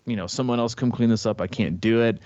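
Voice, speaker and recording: A man's voice: mid-range voice, quick pace, a little mellow, no room sound, muffled recording. A man co-hosting a podcast, rambling candidly through everyday stories and swearing now and then. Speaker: podcast co-host. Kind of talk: casual podcast chat.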